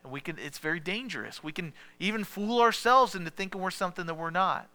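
A man preaching a sermon in a relaxed, conversational way, mixing scripture with jokey personal stories. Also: high voice, quick pace. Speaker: pastor.

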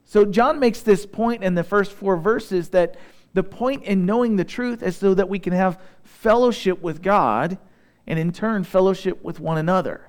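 A pastor from Southeast Missouri preaches a sermon in a somewhat high voice. He reads scripture slowly and deliberately, then slips into easygoing, conversational asides to his listeners.

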